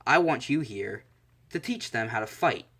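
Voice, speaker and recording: A man's voice: mid-range voice, expressive, normal speed, bright, forceful tone, breathy edge, heavily acted. A man voicing a guarded, blunt adult male hero who teaches a class. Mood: wary.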